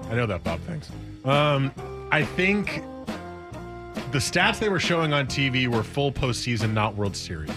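A man's voice: mid-range voice, expressive, slow pace, pauses often, over music. A man co-hosting a sports radio show, bantering playfully and teasing his producer. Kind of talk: casual sports talk.

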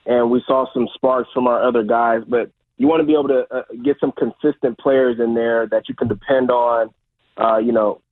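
A man's voice: mid-range voice, dry recording. A former football player calling in as a guest analyst on sports radio, talking emphatically and tagging his points with "all right?". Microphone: phone call. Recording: tinny phone line.

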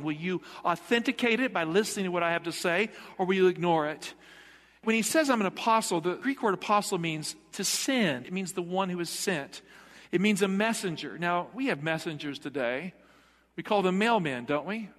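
A man's voice: sits high, fairly bright tone. A middle-aged male pastor preaching a sermon in a church, emphatic and putting rhetorical questions to the congregation. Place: church sanctuary. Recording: long hall reverb.

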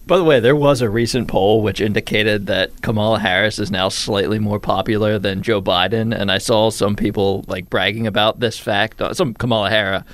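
A man's voice: lowish voice, steady tone, brisk, hardly any pauses, fairly bright tone. A man co-hosting a talk radio show, wry and laughing in casual banter. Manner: wry, laughing, mock-disapproving.

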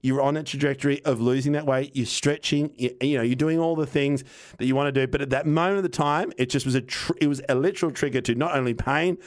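A man, telling a casual, animated anecdote on a podcast, acting out what people said and swearing now and then. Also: mid-range voice, fast. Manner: animated, rambling anecdote with acted-out quotes and swearing. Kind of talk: casual storytelling chat.

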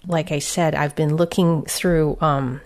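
A woman guides a Christian devotional meditation, speaking very slowly and gently. Her voice sits a little low and stays soothing and reflective, inviting quiet rest. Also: steady tone.

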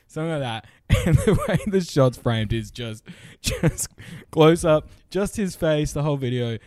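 A young man co-hosting a podcast, telling crude stories in a casual, animated way and laughing often. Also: fairly high pitch, unhurried, dry recording, clean studio sound. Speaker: podcast co-host. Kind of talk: casual chat.

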